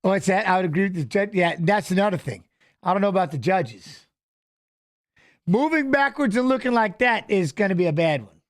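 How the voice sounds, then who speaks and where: A man giving casual live commentary on a fight as a watch-along host, animated and coaching the fighters aloud, repeating phrases. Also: sits high, moderate pace, dry recording, clean studio sound.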